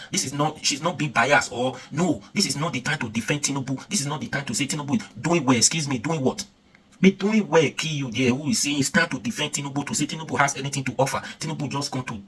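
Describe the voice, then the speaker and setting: Angry Nigerian male vlogger, rapid-fire rhetorical questions, heard from a bit back. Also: mid-range voice, fairly bright tone, husky, distant mic. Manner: angry, fires off rhetorical questions, repeats himself. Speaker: political vlogger. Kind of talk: impassioned political rant.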